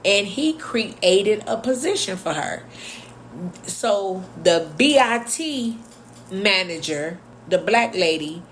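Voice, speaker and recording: A woman's voice: lowish voice, a little hiss or hum. A woman telling a workplace story in a casual, blunt and chatty way, with sarcastic asides. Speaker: vlogger.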